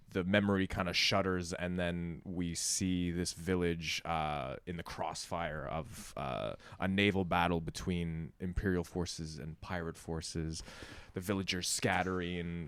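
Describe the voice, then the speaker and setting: A man playing a tabletop role-playing game, describing a scene haltingly with many fillers. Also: deep voice, clean tone, dry recording. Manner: hesitant, slow descriptive narration with fillers. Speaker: player.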